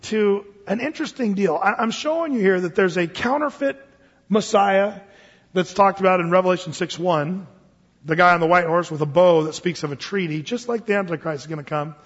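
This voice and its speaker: High-voiced male preacher in a reverberant hall. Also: breathy edge. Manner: conversational preaching with frequent restarts and fillers. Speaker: pastor. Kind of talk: sermon. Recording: dull lo-fi sound with long hall reverb.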